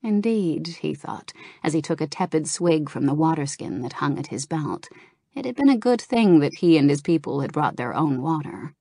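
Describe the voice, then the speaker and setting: A woman narrating a fantasy novel aloud in a calm, steady reading voice. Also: low voice, moderate pace, vocal fry, no room sound. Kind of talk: audiobook narration of a game novel.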